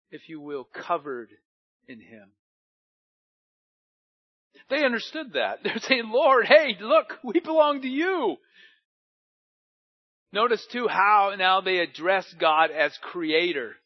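A man with a notably high voice preaches a lively sermon to his congregation. He chuckles often and acts out scripture quotes in dramatic voices. The recording sounds dull and lo-fi. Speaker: pastor. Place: church.

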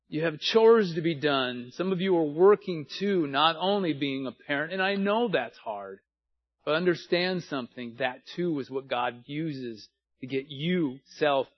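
A pastor in his sixties delivers a sermon in a high, light male voice, talking earnestly in plain, folksy phrases. The sound is dull and lo-fi, with the top end muffled. He speaks to his congregation directly. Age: 60s.

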